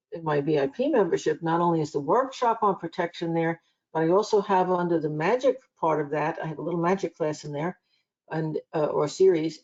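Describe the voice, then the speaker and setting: Woman psychic host, low-pitched, chatty and rambling, muffled stream sound. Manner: chatty, warm-hearted rambling with restarts. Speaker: psychic reader and show host. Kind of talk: live online psychic reading show.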